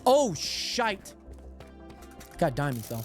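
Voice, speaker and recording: Excitable young man streaming, high lively voice. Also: slow, faint music behind. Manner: excitable, talks to chat by name, lots of "like" and "hold on". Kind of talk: casual livestream chat while gaming.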